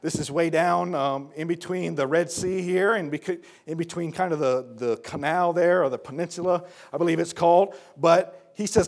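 A man with a high, gravelly voice preaches a sermon. He talks to his listeners as folks in a plain, earnest way. He moves between quiet explaining and loud, fervent appeals. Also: normal speed, hardly any pauses. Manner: swings between low explanation and shouted appeals.

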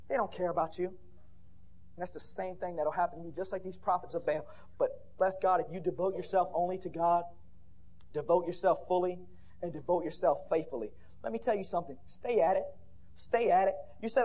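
A man preaching a fiery sermon at a church conference, building to shouted peaks with repeated rhetorical questions. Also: high voice, fairly quick.

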